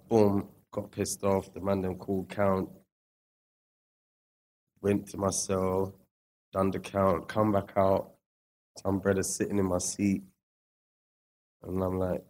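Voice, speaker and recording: A man from England, a guest speaking casually and reflectively about his past, slangy and lively when retelling stories. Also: low-pitched. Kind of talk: casual storytelling interview.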